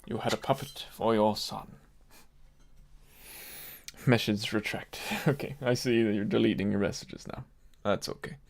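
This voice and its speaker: A man's voice: fairly low pitch, fairly even intonation, a little slow, vocal fry, long pauses. A man hosting his channel, chatting casually and reading viewer messages aloud. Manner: reads viewer messages aloud and teases the chat. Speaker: YouTube creator. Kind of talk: casual livestream chat.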